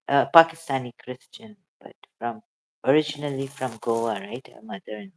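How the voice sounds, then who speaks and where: A channel host talking emotionally and hesitantly in a casual livestream chat. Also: medium pitch.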